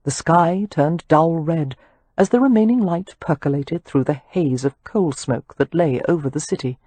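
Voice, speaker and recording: Husky, expressive woman audiobook narrator. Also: deep voice, normal speed, no echo. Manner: expressive, lively storytelling.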